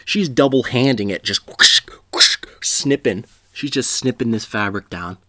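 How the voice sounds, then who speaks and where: A man's voice: medium pitch, unhurried, bright, forceful tone, dry recording, studio quality. A man telling a comedic story in a rambling, profane way, laughing at his own jokes.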